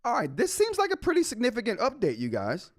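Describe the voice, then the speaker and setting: A man's voice: very high-pitched, wildly swooping pitch, fast talker, dry recording, studio quality. A man hosting a live tech show in a casual way, reading update notes aloud and reacting to the chat.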